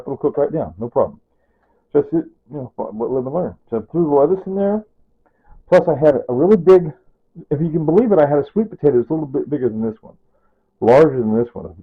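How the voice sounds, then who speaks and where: A man with a husky voice talks casually through his home cooking, circling back and correcting himself as he rambles. The sound is tinny and phone-like. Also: medium pitch. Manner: chatty, repeats himself, self-correcting. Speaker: cooking vlogger. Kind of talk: rambling casual kitchen talk.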